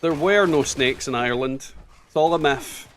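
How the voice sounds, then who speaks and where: A man in his thirties with a softened Scottish accent, chatting casually and swearing as he plays a game on stream. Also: mid-range voice, moderate pace, a little hiss or hum. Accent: Scottish, toned down. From Scotland. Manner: chatty, swears, jokey asides. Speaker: gaming streamer. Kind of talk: casual chat while playing a game.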